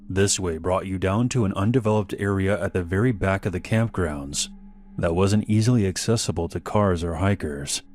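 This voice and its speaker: A man narrating a scripted horror story in a measured, deliberate way. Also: deep voice, a little mellow.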